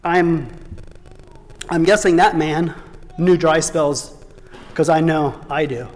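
A middle-aged man preaching a sermon, telling stories with emphatic peaks and soft asides. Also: a little high, steady tone, slow pace. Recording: long hall reverb.

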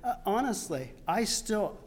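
A man preaching a sermon in a church in a conversational way, restarting phrases and rising into loud emphasis. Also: sits high, sing-song, unhurried. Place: church sanctuary. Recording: long reverb of a church hall.

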